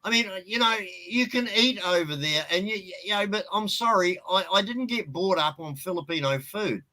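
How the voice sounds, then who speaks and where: A man's voice: sits high, lively intonation, moderate pace, pushed and bright, rough recording. An Australian man with an Australian accent, ranting bluntly and swearing freely in a casual live-stream chat.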